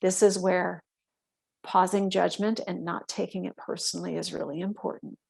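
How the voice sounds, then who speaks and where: A woman giving a calm, explanatory instructional talk to veterinary staff, often checking in with her listeners. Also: on the low side, moderate pace, gravelly, slightly rough. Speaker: workshop presenter for veterinary staff.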